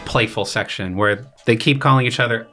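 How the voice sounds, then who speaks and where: With a mid-range voice and a fairly quick pace, a young adult composer in graduate school chats casually on a podcast about his opera, with soft music in the background. He explains things in a relaxed way, leaning on many fillers and paraphrased quotes.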